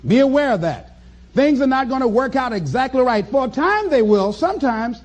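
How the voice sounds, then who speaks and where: Male motivational speaker, very high lively voice, preacherly, playful asides. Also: normal speed. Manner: animated, preacherly, acts out voices and chuckles. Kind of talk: motivational speech to an audience.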